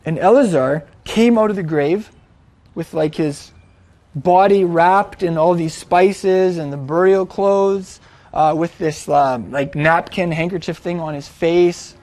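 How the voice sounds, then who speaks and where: A man's voice: a little high, slow pace, darkish tone. A man retelling a story in a chatty, informal way, with frequent restarts and fillers. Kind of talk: casual storytelling.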